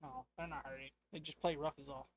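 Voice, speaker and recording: A man's voice: on the high side, fairly even intonation, fairly quick, a little hiss or hum, lightly acted. A man voicing a young boy who shrugs things off in an easygoing way, in a game role-play. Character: young boy playing with rough kids.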